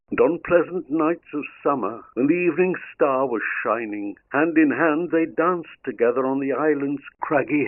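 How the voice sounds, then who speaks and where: Man reading verse through a tinny line. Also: mid-range voice. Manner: measured, rhythmic verse reading. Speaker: audiobook narrator. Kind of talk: reading narrative poetry aloud. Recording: narrow phone-like lo-fi sound.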